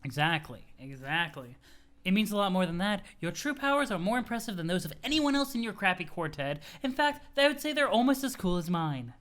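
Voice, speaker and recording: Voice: mid-range voice, animated, a little fast, a bit bright, close to an everyday voice. Une voix qui joue une jeune femme pompeuse et autoritaire. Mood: haughty. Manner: pompous, haughty, commanding. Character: pompous domineering young woman commander. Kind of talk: reading a webcomic aloud with voices.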